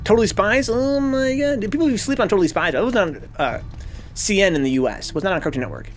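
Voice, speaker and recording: Animated, swearing gaming streamer man. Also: high-pitched, fast talker, a little hiss or hum. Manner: animated, profane, rambling rants. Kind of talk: casual let's-play commentary.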